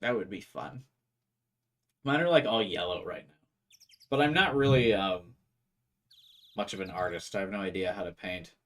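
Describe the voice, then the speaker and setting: A man's voice: deep voice, animated, normal speed, pauses often, fairly bright tone. Chatty young man rambling to chat. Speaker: gaming streamer. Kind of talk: casual let's-play commentary.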